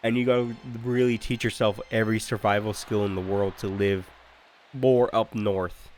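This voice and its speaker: A man's voice: fairly low pitch, steady tone, normal speed, darkish tone, a little hiss or hum. A man from Ontario with a Canadian accent, chatting casually over gameplay as a gaming creator, rambling with lots of "like" and "um" and many restarts. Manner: rambling, heavy use of "like" and "um", frequent restarts.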